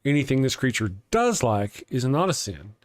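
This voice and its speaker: A man's voice: mid-range voice, sing-song, dry recording. Chuckling Texan man hosting a livestream. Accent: Texas. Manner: rambling, chuckling, halting restarts. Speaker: host of an atheist morning livestream. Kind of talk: casual live chat, reading viewer comments.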